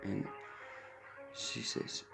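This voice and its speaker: A man's voice: extremely slow, sharp tone, faint music behind. A man casually chatting on a live stream, rambling and telling a story in a loose, offhand way. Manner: rambling, baby-talks to his puppies. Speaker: vlogger.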